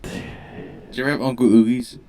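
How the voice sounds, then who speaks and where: A man's voice: mid-range voice, little pitch movement, fast, darkish tone, slight background noise. A man co-hosting a podcast in casual chat, giggly and laughing often. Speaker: podcast co-host.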